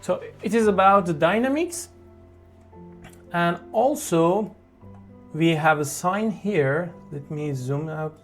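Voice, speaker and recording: Slow, halting piano teacher. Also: medium pitch. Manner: slow, halting explanation with fillers and restarts. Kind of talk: online piano tutorial.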